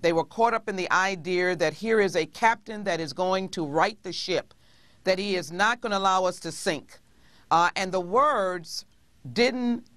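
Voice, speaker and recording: A woman speaking as a congresswoman in a TV interview, measured and pausing often with hesitations. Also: fairly low pitch, no echo. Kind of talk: TV interview guest.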